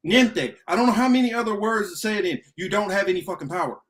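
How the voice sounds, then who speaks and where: A man's voice: high-pitched, lively intonation, quick pace, fairly bright tone. A man hosting a political talk show, ranting emphatically with heavy profanity and repetition. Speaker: podcast host.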